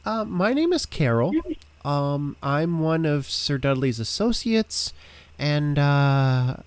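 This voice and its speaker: A man's voice: a little high, sing-song, slow, smooth, no room sound. A man voicing a chirpy female kobold shopkeeper in a tabletop game.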